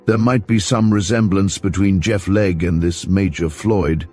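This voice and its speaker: Deep-voiced male audiobook narrator. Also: steady tone, measured pace, darkish tone, faint music behind.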